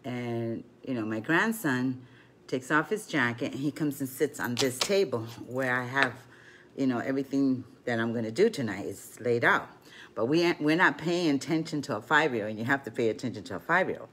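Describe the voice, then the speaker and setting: A woman's voice: very deep voice, lively intonation, moderate pace, fairly bright tone, a little hiss or hum. An older woman and grandmother telling a rambling story between rune and card readings, full of "you know" asides, as a casual vlog.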